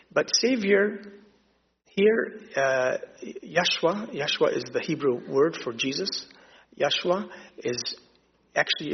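A man preaching a sermon, retelling scripture and acting out the dialogue in an animated storytelling way. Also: fairly high pitch, breathy edge. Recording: dull lo-fi sound with long hall reverb.

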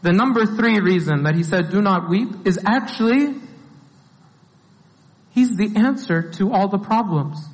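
A man's voice: sits high, animated, unhurried. A man preaching a sermon in a conversational way, often filling with "like". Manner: conversational, with many "like" fillers. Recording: long hall reverb.

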